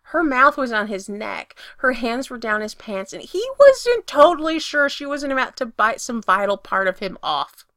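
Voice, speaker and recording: A woman narrating a story with a lively, expressive delivery that swells when the action heats up. Her voice is bright and a little high, and the recording is dry and close, with no room sound. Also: moderate pace, few pauses, dry recording. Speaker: reader.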